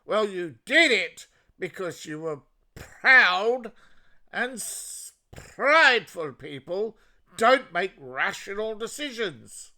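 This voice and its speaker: An Australian man hosting a solo commentary with a bright, forceful tone. He talks slowly and sarcastically, and his voice swings widely in pitch as he mocks and rants. His voice sits a little high for a man. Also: very animated. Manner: sarcastic, mocking, ranting. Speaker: political commentary host. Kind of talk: solo political commentary monologue.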